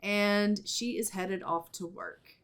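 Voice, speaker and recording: A woman's voice: medium pitch, fairly even intonation, takes it slowly, clear, resonant tone. Chatty woman narrating a life-sim game. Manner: chatty, storytelling. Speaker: let's play narrator.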